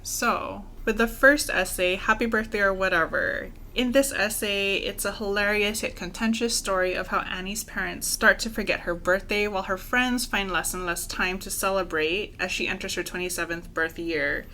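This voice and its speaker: A woman co-hosting a relaxed podcast, her voice bright and clear. She listens attentively, murmuring agreement between her partner's lines. A faint hiss runs underneath. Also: medium pitch, normal speed, few pauses. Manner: attentive listener with frequent soft affirmations. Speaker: podcast co-host. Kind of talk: casual chat and read recommendation.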